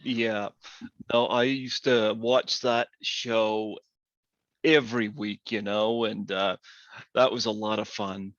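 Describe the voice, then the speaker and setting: A man in his forties hosting an interview, talking slowly with many fillers and pauses. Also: lowish voice, level tone, fairly bright tone, no room sound. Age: 40s. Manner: slow, halting, many fillers. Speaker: podcast host. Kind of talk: casual interview. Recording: dull lo-fi sound.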